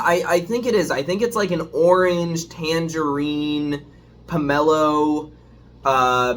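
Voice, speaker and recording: A man chatting casually as a food reviewer, rambling and hesitant, self-deprecating as he hunts for words, with a dishwasher running in the background. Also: a little high. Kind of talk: casual home review vlog.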